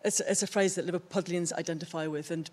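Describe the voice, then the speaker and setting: A woman's voice: on the low side, steady tone, fast talker, a little mellow. A middle-aged woman giving a conference talk about her own art, thoughtful and searching for the right words. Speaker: artist presenting her work. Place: theatre stage.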